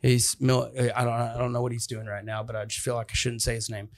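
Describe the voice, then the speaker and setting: A young man telling a story in casual chat, acting out other people's voices with big jumps in pitch. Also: level tone, fast talker.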